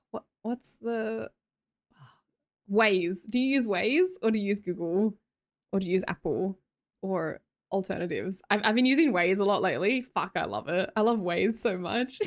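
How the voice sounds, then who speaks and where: A young Australian woman with an Australian accent chatting casually as a live streamer, giggly and self-mocking while she reads out viewer comments. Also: medium pitch.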